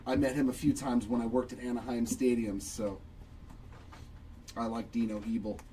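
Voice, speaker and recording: A man's voice: mid-range voice, level tone, normal speed, recorded from a distance, heavy background noise. A man hosting a live trading card break, chatting upbeat and reacting to each pull while answering viewers.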